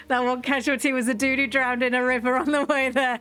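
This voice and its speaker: A woman's voice: fairly high pitch, quick pace, few pauses. A woman hosting a game video, chatting casually and animatedly, often cracking up with laughter. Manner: giggly, animated, easily cracks up. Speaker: gaming video host. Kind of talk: casual gameplay commentary.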